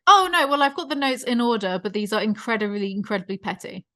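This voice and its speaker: A woman hosting a casual podcast chat, ranting about online creators in an opinionated, animated way. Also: medium pitch, fast talker. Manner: ranting, opinionated, self-aware about vocal fry. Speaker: podcast host.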